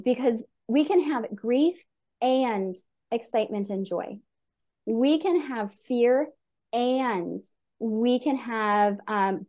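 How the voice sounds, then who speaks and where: Podcast guest: middle-aged woman coach, higher pitch, earnest and lively. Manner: earnest, animated storytelling. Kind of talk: conversational interview.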